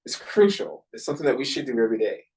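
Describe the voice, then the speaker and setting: A man's voice: mid-range voice, very fast, poor audio. Earnest man hosting a self-help podcast. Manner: earnest, encouraging, with small restarts. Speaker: podcast host. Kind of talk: motivational self-help talk. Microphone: computer mic while screen sharing.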